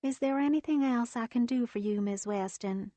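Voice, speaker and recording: A woman voicing a kind female nurse who speaks gently, steadily and reassuringly. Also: a little high, moderate pace, no room sound, voice pushed up, natural voice.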